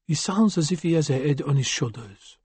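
A man's voice: fairly high pitch, animated, brisk, darkish tone, slightly rough, no room sound, pitched above the performer's own voice. A man voicing a stern, imperious woman crime boss in her early thirties, with a faint French accent and a cold, commanding manner. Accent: faint French (figure).

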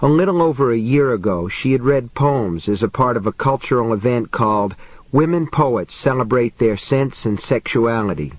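A man reading a novel aloud as an audiobook narrator, in a low, measured delivery with quiet character voices. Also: expressive, no echo, low-quality recording. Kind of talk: scripted narration.

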